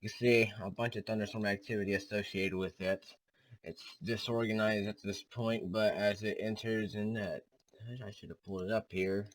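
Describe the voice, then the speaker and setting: A young man hosts his own weather video, rambling casually as he points across satellite and model maps. His voice sits a bit low, and he leans on filler words between thoughts. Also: fairly even intonation, normal speed, slight background noise, poor audio. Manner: loose and rambling, many "so yeah" fillers. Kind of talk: casual weather briefing over screen maps.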